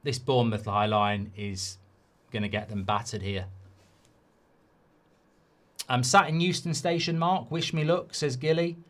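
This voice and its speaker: A middle-aged man hosting a live football watchalong, reacting to the match and swearing loudly at poor defending. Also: mid-range voice, steady tone, a little slow, long pauses. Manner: swears and rants at bad defending.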